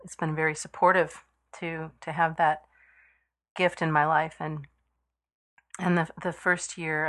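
Low-voiced woman, halting and chatty. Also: vocal fry, a bit bright. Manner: hesitant, with many fillers and restarts, quick to laugh. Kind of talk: casual conversational chat.

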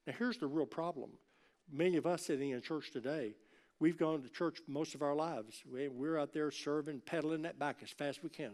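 A man preaching a sermon in a church, in a conversational way that swings from loud emphatic peaks to soft low asides and jokes with the congregation. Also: moderate pace. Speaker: pastor.

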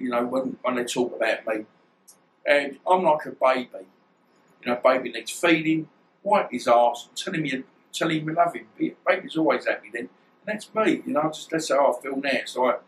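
A man's voice: mid-range voice, slight background noise, low-quality recording. Rambling man in his fifties. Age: 50s. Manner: rambling, animated, acts out dialogue, swears. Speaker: guest, former boxer. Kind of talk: storytelling interview.

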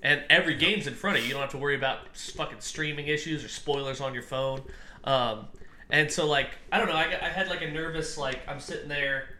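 A man's voice: a little high, fast talker, sharp tone. A man co-hosting a podcast, chatting casually and rambling, often laughing at his own stories. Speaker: podcast co-host. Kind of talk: casual chat. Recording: echoey room, faint noise.

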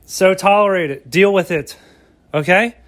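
A man's voice: sits high, a little slow, a bit bright, no room sound. A man hosting a solo podcast, rambling casually with lots of swearing and mock pep talk, recorded outdoors. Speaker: podcast host.

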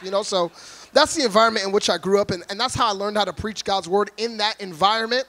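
A man from Florida preaching to a congregation, loud, energetic and full of jokes. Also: sits high, fast talker. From Orlando, Florida, USA. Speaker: guest preacher. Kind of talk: humorous sermon to a congregation. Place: church before a live congregation.

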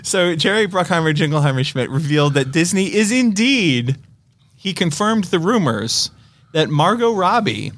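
A man's voice: fairly high pitch, sing-song, fairly bright tone, no room sound. A man co-hosting a podcast in casual chat, joking and laughing often. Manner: chatty and joking, quick to laugh. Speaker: podcast co-host.

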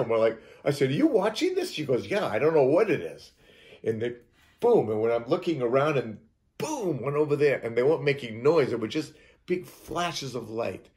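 A man's voice: medium pitch, a little mellow. A man from Utah telling a strange personal story as an interview guest, acting out sounds and quoted lines with frequent restarts. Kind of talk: animated storytelling.

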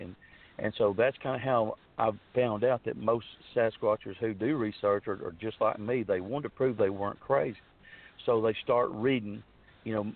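A man earnestly telling a long personal story in a rambling, casual way, full of restarts and fillers. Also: fairly low pitch. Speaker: guest telling his story. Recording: tinny phone line.

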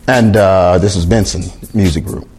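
His deep, slightly rough voice moves at normal speed as this middle-aged music producer tells his story in conversation. The retelling is lively, with him acting out the voices of the people he quotes.

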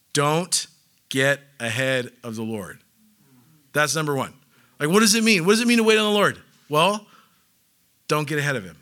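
A man's voice: on the high side, bright, forceful tone. A man preaching a sermon in a conversational, playful way, often acting out little voices. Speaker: pastor.

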